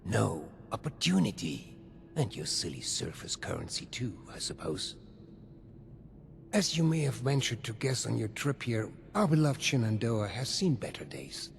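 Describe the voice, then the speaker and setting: Hugo Stoltz, a gravelly German ghoul. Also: male voice, fairly low pitch, very animated, normal speed, a little hiss or hum. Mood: scheming. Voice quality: gravelly, breathy half-whisper. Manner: silky, theatrical, faintly menacing. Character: old male ghoul vault overseer, smooth scheming businessman.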